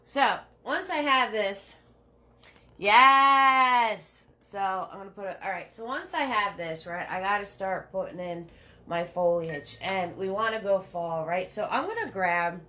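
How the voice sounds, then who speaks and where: A woman leads a live painting lesson in a bright, forward voice. She talks her viewers through every step, repeating herself and checking in with "right?". Her pitch sits at an ordinary middle height. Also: unhurried, a little hiss or hum. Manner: chatty, greets viewers by name while painting; repeats steps, asks "right?" often. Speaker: painting instructor.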